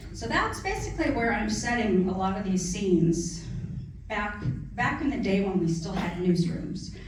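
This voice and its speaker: A woman's voice: mid-range voice, darkish tone, a little hiss or hum. A middle-aged woman speaks about her book in a casual, earnest way, with her heart showing. She is picked up from far off in a very echoey room, with faint ambience behind her. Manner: chatty, earnest, gets emotional. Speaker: author discussing her book. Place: library event room.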